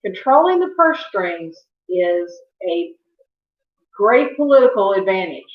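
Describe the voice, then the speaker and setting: A woman's voice: medium pitch, big pitch swings, measured pace. A woman giving a history lecture as a teacher, conversational, with fillers and self-corrections. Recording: echoey, dull lo-fi room sound.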